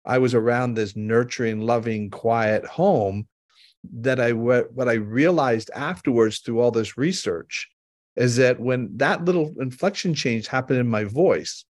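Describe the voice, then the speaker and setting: A man hosts a podcast, talking earnestly and explaining his points through personal stories. His voice is mid-pitched. The sound is dry and close to the mic. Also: measured pace, dry recording. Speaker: podcast host. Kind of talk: conversational storytelling.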